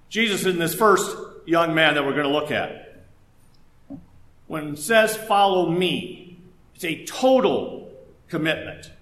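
High-voiced pastor in an echoey room. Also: male voice, a bit bright. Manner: conversational preaching with folksy asides. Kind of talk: sermon.

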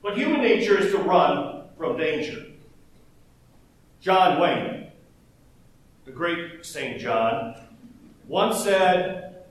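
A man from the United States giving a sermon as pastor, in a conversational, joking and animated way. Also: drawn-out words, long pauses. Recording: echoey church hall from far off, faint rumble.

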